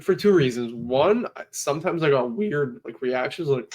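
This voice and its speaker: A man's voice: on the high side, animated, moderate pace. A man co-hosting a casual podcast, agreeable and easygoing, laughing as he retells customer reactions. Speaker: podcast co-host.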